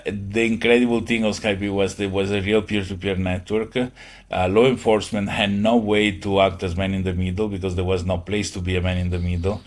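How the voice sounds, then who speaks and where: Low-voiced man, halting speech. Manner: halting, many fillers, non-native phrasing. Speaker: guest. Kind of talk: conversational interview.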